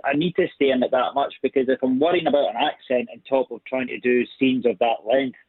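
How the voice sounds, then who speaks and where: Scottish man, chatty and self-deprecating, mid pitch, dry tinny phone sound. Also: fairly even intonation, a little fast, breathy edge, no room sound. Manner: talkative, self-deprecating, restless. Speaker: guest actor. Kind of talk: casual chat. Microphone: phone call.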